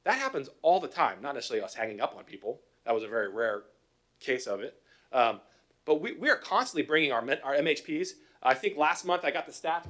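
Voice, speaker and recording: This middle-aged police officer's voice is fairly high with a sharp tone. Addressing a council informally, he shares anecdotes, asks rhetorical questions, and acts out both ends of calls in a conversational style.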